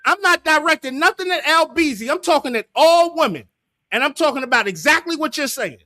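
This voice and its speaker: A man with a strikingly high, lively voice hosts a heated talk-show debate. He argues emphatically, circles back to repeat his points and swears freely. His tone is bright and the sound is close and dry. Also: fairly quick, no echo. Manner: emphatic, argumentative, repeats himself, profane. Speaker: livestream show host. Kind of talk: heated panel discussion.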